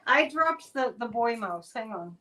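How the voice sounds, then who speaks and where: A woman's voice: on the high side, lively intonation, a little slow, sharp tone. A woman hosting a live stream, giving casual political commentary in a chatty, exclamatory way with sarcastic asides. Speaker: psychic live-stream host.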